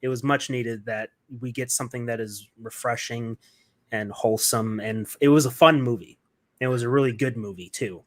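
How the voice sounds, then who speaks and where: A man's voice: medium pitch, moderate pace. A man hosting a podcast interview, talking in a casual, enthusiastic and rambling way, with lots of fillers and restarts. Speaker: podcast host.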